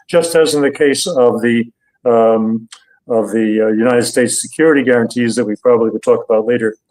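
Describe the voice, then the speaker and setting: Deliberate older male analyst. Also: medium pitch, a little mellow, poor audio. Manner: deliberate, hesitant, with many fillers. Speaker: guest analyst. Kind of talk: interview analysis.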